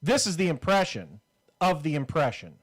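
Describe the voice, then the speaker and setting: A man's voice: fairly high pitch, big pitch swings, moderate pace. A man co-hosting a comedy podcast, rambling and joking in casual banter. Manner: rambling, joking, with frequent fillers. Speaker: podcast co-host.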